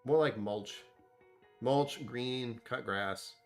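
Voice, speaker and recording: A man's voice: mid-range voice, extremely slow, faint music behind. A man hosting a casual whiskey tasting vlog, rambling and self-deprecating as he thinks aloud about what he smells and tastes. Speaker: whiskey reviewer.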